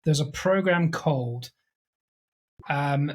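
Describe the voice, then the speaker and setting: A man co-hosting a casual podcast, talking in a loose, rambling way. His voice sits somewhat high and sounds husky. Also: takes it slowly. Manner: rambling, acts out quoted voices. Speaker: podcast co-host. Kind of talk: casual chat.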